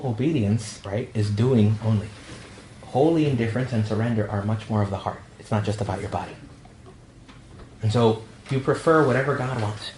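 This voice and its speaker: A priest with a New York accent giving a talk to young adults, telling jokey stories and acting out quotes. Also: male voice, mid-range voice, a little mellow, roomy sound, a little hiss or hum. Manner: storytelling, jokey, acts out quotes. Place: meeting room.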